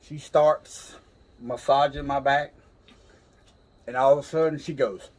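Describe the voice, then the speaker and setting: Sharing a funny tale over whiskey, a male podcast co-host speaks in a relaxed drawl and chuckles along the way. His voice is medium-pitched, steady, a little mellow and measured in pace.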